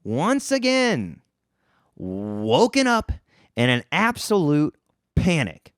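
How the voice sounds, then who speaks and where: A man's voice: fairly high pitch, huge pitch swings, takes it slowly, clean tone, no room sound, clean studio sound. A young man hosting a podcast, telling a story in a casual, rambling way, swearing freely and restarting his sentences. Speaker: podcast host.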